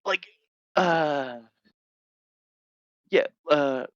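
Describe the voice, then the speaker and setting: A man's voice: fairly high pitch, fairly bright tone, no room sound. A man playing a hedging fitness influencer. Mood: evasive. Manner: hedging, rambling, fast bursts. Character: male fitness influencer, evasive and polite. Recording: dull, dry lo-fi audio.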